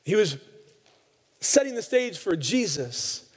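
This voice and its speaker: A man's voice: high-pitched, very animated, slow pace, breathy edge. A man preaching a sermon, retelling scripture stories and acting out the quoted lines. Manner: storytelling, acts out quoted lines. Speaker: pastor. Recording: long hall reverb.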